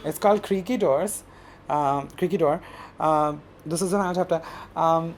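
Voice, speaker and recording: A man's voice: a little high, normal speed, a little hiss or hum. Chatty young man telling a story. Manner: casual and chatty, many fillers, breaks into animated laughing retellings. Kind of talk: live personal storytelling on stage. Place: live storytelling event at a small venue.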